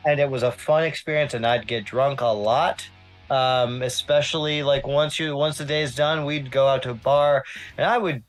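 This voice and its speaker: A man, a guest film critic, telling a story in casual, profane, animated chat. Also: medium pitch, normal speed, faint music behind.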